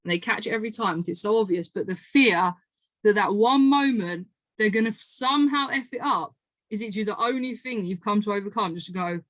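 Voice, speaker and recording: A woman's voice: mid-range voice, brisk, dry recording. Emphatic woman coaching in a dry voice. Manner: emphatic, repetitive, swears freely. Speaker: manifestation coach. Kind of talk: motivational coaching talk.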